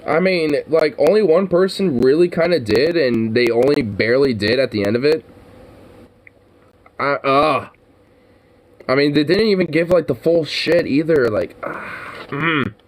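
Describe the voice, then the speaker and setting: A man's voice: on the high side, measured pace. A man hosting a casual chat, rambling with lots of fillers and swearing. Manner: rambling, full of "you know" fillers, swears. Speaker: podcast host.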